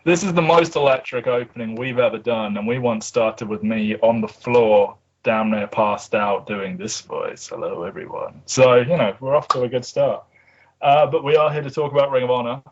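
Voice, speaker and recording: Man, English accent, podcast host, dry and sarcastic, mid pitch, dull lo-fi audio. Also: steady tone, moderate pace. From England. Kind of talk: casual podcast chat. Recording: dull lo-fi recording.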